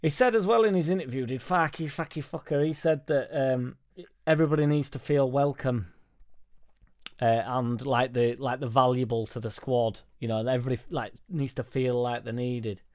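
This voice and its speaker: A man's voice: medium pitch, moderate pace, a little mellow. Rambling, sweary man. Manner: rambling, sweary, jokey tangents. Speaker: football fan channel host. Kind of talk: casual live-stream chat reading viewer comments. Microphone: studio microphone on a boom arm.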